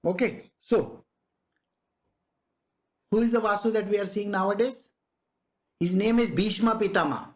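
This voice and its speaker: A man's voice: high-pitched, a little slow, long pauses. A man giving a conversational spiritual discourse as a teacher, often asking rhetorical questions and chuckling.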